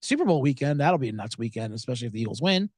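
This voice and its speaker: A man's voice: mid-range voice, very fast, dry recording, clean studio sound. A man hosting a podcast, telling a comic story in an exasperated, riffing way. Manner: animated, exasperated riffing with swearing. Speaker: comedian and podcast host.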